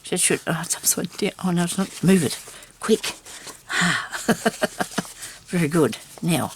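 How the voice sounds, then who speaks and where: Woman, casual crafting chat, talks to herself and viewers, gravelly voice. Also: lowish voice, expressive, a little slow, noisy background. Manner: chatty, talks to herself and viewers while working; self-teasing with frequent small laughs. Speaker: crafter filming a tutorial.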